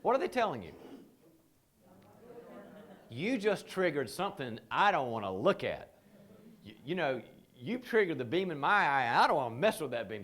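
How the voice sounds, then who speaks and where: A man leading a leadership training seminar, telling animated stories and acting out the people he quotes. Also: medium pitch. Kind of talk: seminar talk.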